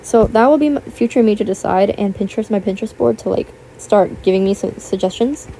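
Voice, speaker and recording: A young woman in her teens chatting casually, rambling with lots of fillers and a self-conscious, apologetic manner; her voice sounds a little rough. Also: mid-range voice, brisk, mellow, a little hiss or hum. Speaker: YouTuber. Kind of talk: casual chat over gameplay.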